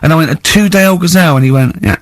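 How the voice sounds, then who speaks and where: A man with an English accent hosting a comedy radio show, telling stories excitably and laughing often. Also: fairly high pitch, fast, no room sound.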